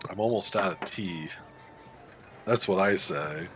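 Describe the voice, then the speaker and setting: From a standing desk in a home room, a man livestreams a game, animatedly chatting and responding to messages from viewers. He speaks low and unhurried, pausing often, with a little hiss or hum and faint music in the recording.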